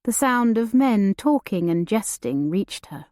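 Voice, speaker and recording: Woman narrator, unhurried, deliberate, dry close sound. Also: mid-range voice, animated, a little mellow, no room sound. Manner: measured, deliberate storytelling. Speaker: audiobook narrator. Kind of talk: scripted narration.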